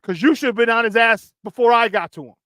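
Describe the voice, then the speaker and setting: A high-pitched man hosting sports talk radio. He rants in a heated, emphatic way and hammers his points home with repetition. The sound is dry and close. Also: fast talker, bright, forceful tone, no echo.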